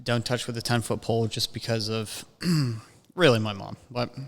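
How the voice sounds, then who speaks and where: A man on a casual podcast, ranting and swearing, often jumping into a high mocking voice. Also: normal speed, creaky, a bit bright. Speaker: podcast co-host. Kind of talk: casual chat. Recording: long hall reverb.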